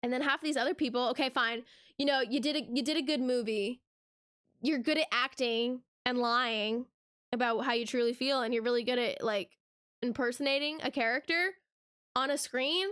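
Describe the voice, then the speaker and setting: A woman's voice: fairly high pitch, normal speed, a bit bright, clear, resonant tone, no room sound, studio quality. A young woman hosting a reaction channel, ranting casually to camera in a sarcastic, exasperated way, full of rhetorical questions.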